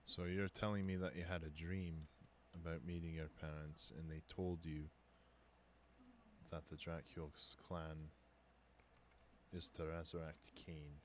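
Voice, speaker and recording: Man playing a level-headed vampire, skeptical, placating, deep voice. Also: flat delivery, a little slow, long pauses, slight background noise. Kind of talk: voicing a character in a tabletop game.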